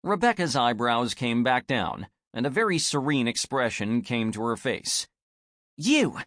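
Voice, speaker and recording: A man narrates a novel with lively, animated intonation. His pitch sits in a middle range for a man. The recording is dry and close, with no room sound. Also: normal speed, no room sound. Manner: expressive, animated storytelling. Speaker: audiobook narrator. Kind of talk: scripted narration.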